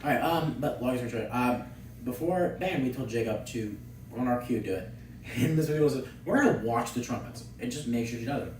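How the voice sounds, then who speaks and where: A man tells stories on a podcast with a lively voice that swings up and down, laughing as he goes. He sits back from the microphone in a roomy, echoey space. His pitch sits a little above the usual. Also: fairly quick, a little hiss or hum. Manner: animated, laughs often, acts out quotes. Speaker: podcast co-host. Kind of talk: casual chat, storytelling. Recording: echoey room, distant from mic.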